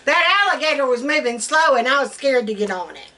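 A woman's voice: sits high, lively intonation, brisk, sharp tone. A middle-aged woman, chatting casually and telling teasing, laughing stories as a co-host. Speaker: channel co-host. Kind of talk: casual chat.

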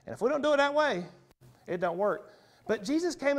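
High-voiced pastor preaching emphatically. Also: male voice, lively intonation, a little fast. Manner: emphatic, punchy repetition, wide swings in loudness. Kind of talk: sermon. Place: church sanctuary.

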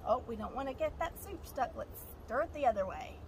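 A woman's voice: high-pitched, animated, fairly quick, noisy background. A woman guiding children through yoga moves, upbeat and encouraging, counting aloud. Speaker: kids' yoga leader.

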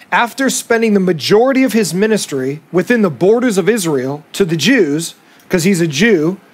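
A pastor preaching a sermon to his congregation, reading scripture and pausing to prompt his listeners directly. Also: high-pitched. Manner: preaching with emphatic pauses and direct audience prompts. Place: outdoors under tents with a congregation.

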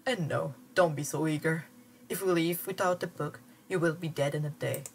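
A woman's voice: sits low, fairly even intonation, moderate pace, vocal fry, slight background noise. A woman reading the lines of a cold, calculating boy mastermind in a clipped, condescending way.

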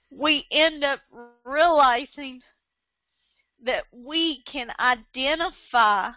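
A woman's voice: sits high, no room sound. A woman preaching a fervent, emotional sermon online, repeating phrases and laughing through tears. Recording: dull lo-fi sound.

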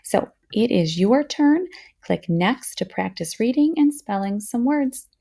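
A woman with a higher voice and vocal fry leads a phonics lesson for young children. She patiently sounds out words at a slow pace and keeps encouraging them.

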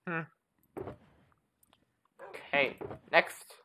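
A gaming channel host giving rambling, casual commentary full of "uh" and "anyway", jumping to a high, excited voice when calling the pets. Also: very slow.

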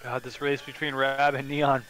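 A man giving excited play-by-play commentary on a drone race. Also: medium pitch, normal speed.

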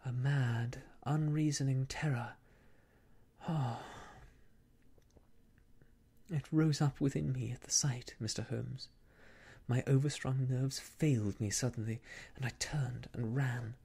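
A man reading a classic tale aloud in soft, hushed, whispered ASMR storytelling. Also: medium pitch, steady tone, slow, husky.

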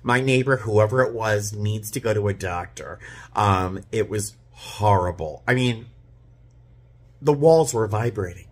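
A tired man from Boston, a flight attendant, chatting casually about his workday with lots of fillers and animated storytelling. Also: on the low side, measured pace, slightly rough. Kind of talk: casual vlog chat.

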